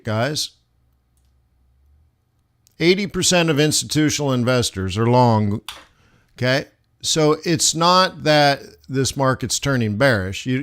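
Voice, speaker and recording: A man teaches forex on a live stream in an unhurried, conversational way. He keeps asking his viewers rhetorical questions as he walks through the charts, speaking into a desk mic at his computer. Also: mid-range voice, a bit bright. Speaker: forex trading instructor. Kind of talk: live-stream trading lesson.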